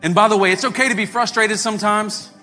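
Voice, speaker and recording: Male pastor, high and animated, preaching from the stage in a reverberant sanctuary with faint music under him. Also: fast. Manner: animated, acts out quoted voices, repeats words. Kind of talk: sermon. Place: church sanctuary.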